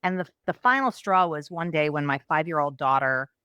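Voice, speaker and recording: Middle-aged woman, coach guest, animated storyteller, lower voice, dry close sound. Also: fairly quick, clean tone, no room sound, dull audio. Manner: animated, acts out quotes with raised pitch. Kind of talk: storytelling in a podcast interview.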